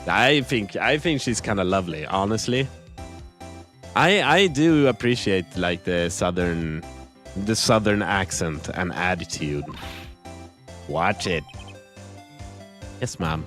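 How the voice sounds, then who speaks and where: A man's voice: low voice, expressive, unhurried, a bit bright, faint music behind. Giggly man streaming a game. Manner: giggly, chatty asides. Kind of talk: casual let's-play commentary.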